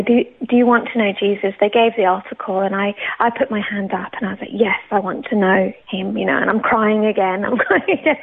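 A woman in her thirties telling her personal faith testimony in an animated way, laughing often. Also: on the high side, gravelly. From England. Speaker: guest sharing her faith story. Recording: tinny phone-line sound.

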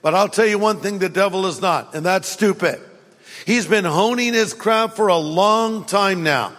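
A man's voice: sits high, normal speed, a bit bright. A man preaching a sermon, telling stories in an emphatic, punchy way. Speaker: pastor. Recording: long hall reverb, faint music.

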